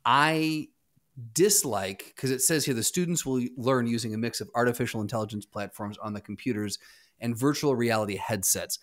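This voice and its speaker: A man co-hosting a podcast, giving reasoned opinions in a casual, measured way with frequent restarts. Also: medium pitch, a bit bright. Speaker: podcast co-host. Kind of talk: casual chat.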